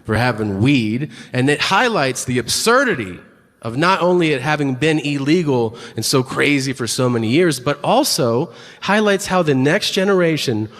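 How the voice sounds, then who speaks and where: A man's voice: medium pitch, animated, normal speed, a bit bright, big-room sound. A man doing stand-up comedy with a wry, profane delivery, acting out the people in his stories. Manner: wry, profane, acts out quotes. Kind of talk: stand-up storytelling.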